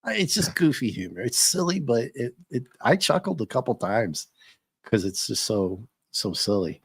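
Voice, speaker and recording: Husky guy laughing thru a comic review, voice jumps all over, dry close sound. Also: mid-range voice, moderate pace, no room sound. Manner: laughs often, animated and jokey. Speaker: comic book reviewer, co-host. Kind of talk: casual conversational chat.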